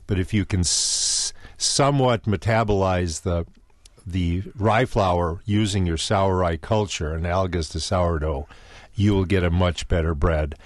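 Low-voiced man explaining baking. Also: a little slow, no room sound, studio quality. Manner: knowledgeable, explanatory, hesitant restarts. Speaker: baking instructor and guest. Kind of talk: explaining on a radio call-in. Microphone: studio microphone.

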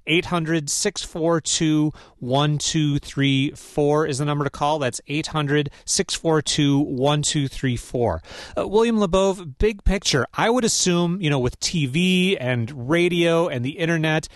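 A man's voice: a little high, measured pace, dry recording, studio quality. Midwestern man hosting a radio call-in. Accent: Upper Midwest American. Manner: conversational, hesitant with fillers. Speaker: radio talk show host. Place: radio studio.

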